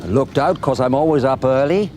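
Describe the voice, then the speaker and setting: An actor playing a gossipy, excitable neighbour giving a statement in a TV police drama. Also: male voice, mid-range voice, brisk, a little hiss or hum, lightly acted. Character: gossipy male neighbour witness.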